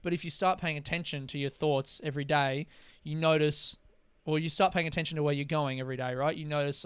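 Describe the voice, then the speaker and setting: A young comedian rambles through a candid, sweary solo podcast and drops into voices to make a point. His voice sits a bit high, smooth and clear, and the recording is close and dry. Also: a little fast, fairly bright tone, dry recording. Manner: rambling, candid, swears freely, mimics voices for comic effect. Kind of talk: casual solo podcast monologue.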